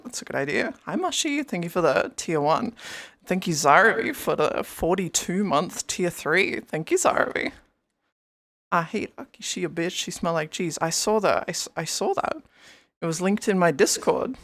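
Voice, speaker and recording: A woman's voice: lowish voice, big pitch swings, normal speed, a bit bright. A young woman live-streaming in casual chat, rambling and greeting her viewers by name over a headset mic.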